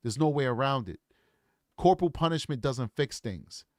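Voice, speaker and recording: A man's voice: medium pitch, animated, moderate pace, a little mellow, no room sound, clean studio sound. A man in his forties giving casual, opinionated commentary straight to his viewers. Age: 40s. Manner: opinionated, talks straight to the audience. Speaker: true crime commentator.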